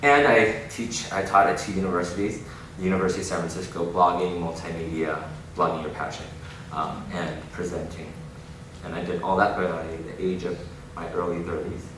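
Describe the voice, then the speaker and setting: Deep-voiced man giving a keynote in an echoey hall. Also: normal speed. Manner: animated storytelling with frequent laughs. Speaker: keynote speaker. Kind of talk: inspirational keynote talk. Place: large conference hall. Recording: echoey hall, distant mic, noisy.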